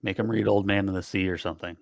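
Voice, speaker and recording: A man's voice: low voice, fairly even intonation, fast talker, vocal fry, dry recording. A man co-hosting a podcast, chatting in a laid-back way with short replies. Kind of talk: casual podcast chat.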